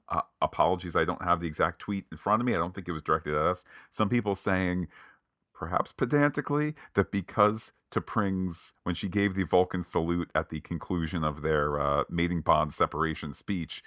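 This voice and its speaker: A man co-hosting a casual podcast, recapping an episode in a playful, animated way with lots of jokey asides. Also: sits low, no room sound, clean studio sound. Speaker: podcast co-host.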